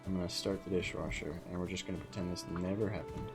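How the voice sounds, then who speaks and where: A man's voice: deep voice, steady tone, fast talker, over music. A man hosting a gaming livestream, chatting casually and joking around with a friend. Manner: joking, playful. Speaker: livestream host.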